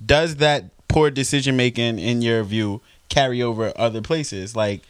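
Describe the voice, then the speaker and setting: Man asking measured questions, dry sound. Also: mid-range voice, smooth, no room sound. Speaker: podcast co-host. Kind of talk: casual chat.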